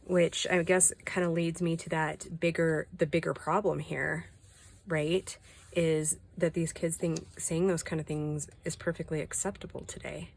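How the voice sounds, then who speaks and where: Low-voiced chatty woman vlogger. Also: flat delivery, unhurried, gravelly. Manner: chatty, indignant, confiding asides. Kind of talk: casual chat while doing a craft.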